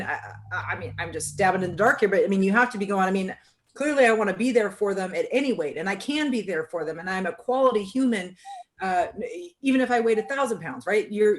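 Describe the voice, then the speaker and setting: A woman hosting a podcast, talking casually and reflectively, often restarting her sentences. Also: mid-range voice. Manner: reflective, with many restarts and "I mean". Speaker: podcast host. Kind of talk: casual conversation.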